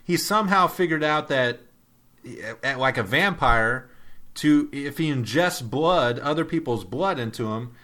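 A man co-hosts a casual film podcast in a bright, forceful voice. He is laid-back and laughs easily as he questions the plot. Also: medium pitch, expressive, measured pace. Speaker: podcast co-host. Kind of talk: casual chat reviewing a film.

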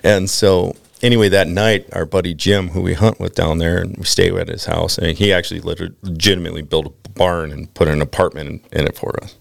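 Low, gravelly man telling stories. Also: steady tone, brisk, hardly any pauses, no room sound, clean studio sound. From Minnesota, USA. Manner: rambling, laughing storyteller full of "I mean" and "like". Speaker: podcast guest. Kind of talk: casual storytelling chat.

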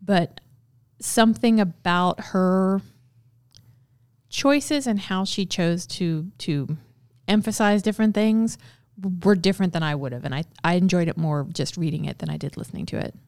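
A woman's voice: on the low side, moderate pace, darkish tone, clean tone, no echo, clean studio sound. A woman in casual book-club chat who acts out quoted lines and laughs often. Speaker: book club podcast host.

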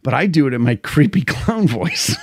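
Rambling New man, lively pitch. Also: moderate pace, husky, no room sound, studio quality. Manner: loose, crude, jokey rambling with frequent laughter. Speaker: livestream host. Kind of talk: casual chat.

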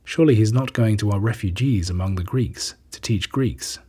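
Guy reading as wondering townsfolk, low husky voice, asking questions. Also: moderate pace, warm tone.

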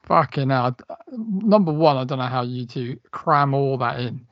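A man's voice: medium pitch, unhurried, no echo, lo-fi sound. A man co-hosting a casual podcast chat, rambling with lots of fillers and swearing. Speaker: podcast co-host.

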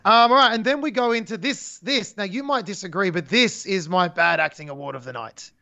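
A woman co-hosting a casual wrestling review chat, animated and sarcastic, often laughing. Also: mid-range voice, fairly quick, creaky. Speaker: podcast co-host.

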